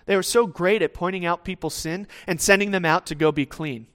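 A man with a high-pitched voice preaches a sermon. He talks in a conversational way and slips into quoted voices as he goes. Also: moderate pace, hardly any pauses, a bit bright.

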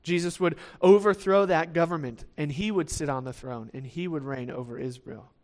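A man with a slightly higher-than-usual voice preaches a sermon in a relaxed, conversational way. He restarts phrases as he goes and keeps checking in with the listeners. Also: moderate pace. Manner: conversational, with frequent restarts and "right?" asides; acts out the quoted lines of the disciples in lively voices.

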